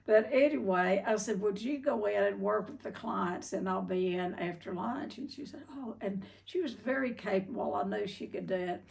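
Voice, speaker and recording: A woman's voice: medium pitch, normal speed, creaky, hardly any pauses, far from the mic. An older woman who owns a treatment center, telling a candid personal story in a folksy way, with frequent fillers.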